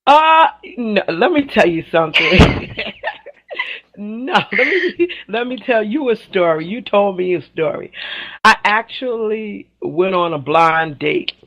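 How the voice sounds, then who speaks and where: A woman with a medium-pitched voice speaks slowly as a sassy, outspoken guest on a radio talk show, casually chatting and telling animated stories. She laughs often and acts out the people she describes, and the audio has its highs cut off.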